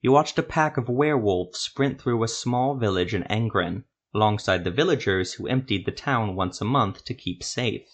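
A man with a fairly low voice reads a dark fantasy story aloud. His scripted narration is steady and measured, even through the violent passages.

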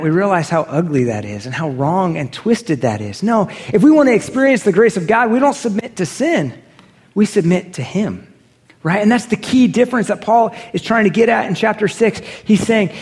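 A man in his thirties, a pastor preaching a sermon with earnest, emphatic delivery that rises on key points. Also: high-pitched.

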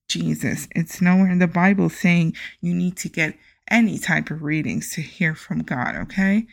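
A woman hosting a faith podcast, speaking earnestly and with passion, and reading scripture slowly and emphatically. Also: lowish voice, creaky. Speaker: podcast host.

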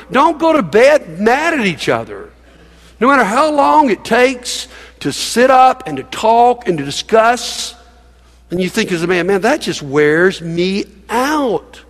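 A man's voice: high-pitched, a bit bright, big-room sound. A man pastor preaching a sermon in a church, emphatic and folksy, coaxing the congregation to join in. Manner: emphatic, folksy, with laughs and audience prompts.

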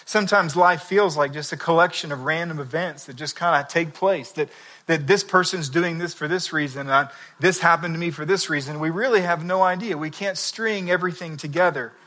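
A man's voice: a little high, a little fast, pushed and bright. A man preaching a sermon, telling a story and reading scripture in a conversational, emphatic way. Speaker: pastor.

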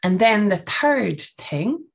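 A woman's voice: medium pitch, big pitch swings, takes it slowly, creaky, a little hiss or hum. A woman giving a casual, coaching podcast talk on breathing, often checking in with "okay?".

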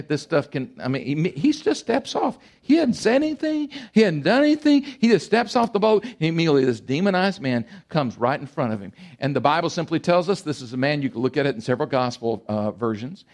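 Preaching with animation and emphasis, this sixty-something pastor alternates between booming outbursts and hushed asides. His voice is slightly high.

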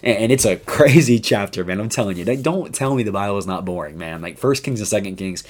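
A man who is a high school youth pastor, talking through a Bible chapter in an upbeat, chatty podcast style full of asides. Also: animated, fast talker. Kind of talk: casual devotional podcast talk.

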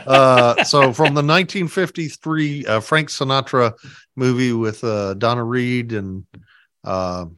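A man co-hosting a podcast, wry and teasing in casual chat, halting with fillers. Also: mid-range voice, fairly bright tone, dry recording, studio quality. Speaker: podcast co-host.

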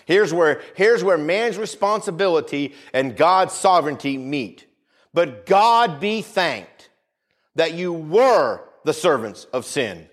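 Preacher guy, kinda high voice, swings up and down a lot, keeps repeating himself and asking for amens. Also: very animated, slow. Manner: emphatic, repeats phrases, calls for "Amen?" responses. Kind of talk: sermon.

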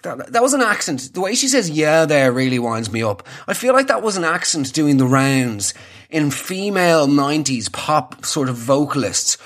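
A man's voice: fairly high pitch, big pitch swings, normal speed, fairly bright tone. A young Irish man hosting a comedy podcast, rambling through self-mocking tangents.

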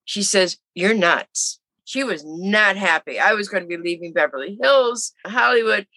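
Lively older woman telling her story. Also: mid-range voice, moderate pace, no echo. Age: 70s. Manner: animated, acts out quoted voices. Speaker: interview guest. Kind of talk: casual storytelling.

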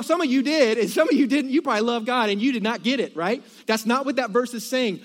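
A middle-aged man preaching a sermon in a notably high voice. He is animated and jokey, and his delivery swells toward near shouting. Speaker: pastor.

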